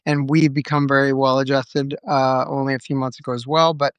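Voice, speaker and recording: A man's voice: medium pitch, flat delivery, fairly quick, clear, resonant tone, no room sound. An American man in his thirties, chatting casually in an easygoing, slightly hesitant way on a live video Q&A. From USA. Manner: easygoing, a little hesitant, many "um" and "like" restarts. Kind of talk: casual chat answering viewer questions.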